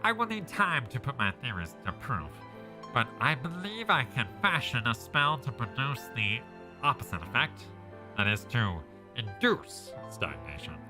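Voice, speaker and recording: A man's voice: medium pitch, big pitch swings. A man voicing a wise old creature mage with a witchy, theatrical delivery. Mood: solemn. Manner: measured, learned speech. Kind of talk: reading game dialogue aloud. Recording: faint game music behind.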